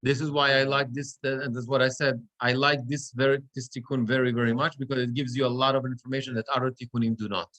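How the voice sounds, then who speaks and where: A male cantor teaching a class how to read the Torah, explaining the marks and then chanting verses in drawn-out cantillation. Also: mid-range voice, level tone, sharp tone. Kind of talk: class instruction with chanted examples. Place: synagogue classroom.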